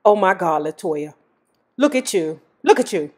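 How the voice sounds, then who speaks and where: A woman's voice: fairly low pitch, animated, normal speed, darkish tone. A woman reading the quoted lines of a flirtatious, insistent grown man in close to her own voice.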